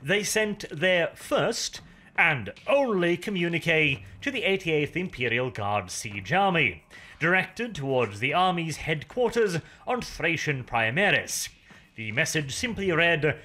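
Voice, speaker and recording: Man, sardonic lore narration, bright tone, animated pitch, cynical asides. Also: a little slow. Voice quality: swears casually.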